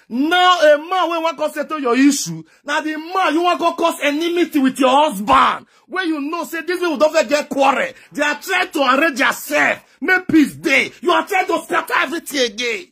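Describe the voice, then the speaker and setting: A man's voice: very high-pitched, expressive, normal speed, gravelly, pushed and bright, raised voice. A man with a Nigerian Pidgin accent giving emphatic, lecturing advice to camera, often raising his voice. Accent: Nigerian Pidgin English. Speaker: social media commentator. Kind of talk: direct-to-camera advice monologue.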